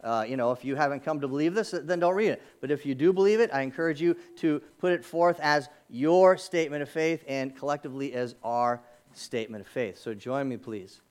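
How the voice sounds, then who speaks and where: A male pastor delivers a sermon from his church, a slightly higher-pitched voice. He preaches in a conversational way, dropping in asides and rhetorical questions to his congregation. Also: darkish tone. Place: church sanctuary.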